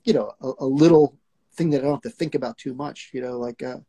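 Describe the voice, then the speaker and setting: A man's voice: medium pitch, quick pace, vocal fry, warm tone, a little hiss or hum. A man who is an acting coach, earnestly explaining technique in a casual chat and acting out examples. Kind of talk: casual live discussion.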